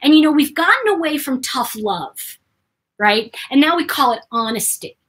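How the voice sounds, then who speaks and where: A woman hosting her own channel, telling a personal story to camera in an animated way, jumping between loud bursts and near-whispers. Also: high-pitched, normal speed. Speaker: host.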